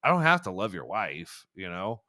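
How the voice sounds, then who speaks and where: A man's voice: sits low, sing-song, normal speed, sharp tone, no room sound, studio quality. A young man hosting a casual podcast, ranting in a rambling, profane way with lots of stumbling restarts. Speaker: podcast host.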